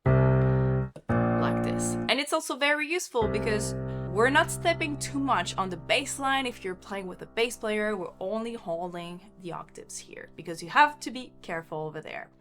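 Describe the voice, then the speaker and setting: A woman's voice: medium pitch, animated, moderate pace. A woman teaching rock keyboard patterns, explaining them cheerfully and counting beats aloud while she plays. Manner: upbeat, instructive. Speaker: piano teacher. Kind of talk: keyboard lesson with demonstrations. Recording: loud piano playing alongside.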